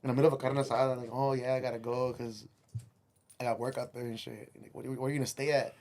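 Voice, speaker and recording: A man's voice: mid-range voice, little pitch movement, rapid-fire, darkish tone. A man, a musician guest on a podcast, telling a rambling, profane story and slipping Spanish phrases into his English.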